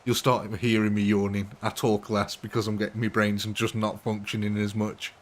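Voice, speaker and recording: A man talks to his live-stream viewers in a loose, chatty way, chuckling often. His voice sits a little low. It is late at night, and he is streaming from home. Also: level tone, normal speed, slight background noise. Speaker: game streamer. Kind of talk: casual live-stream chat.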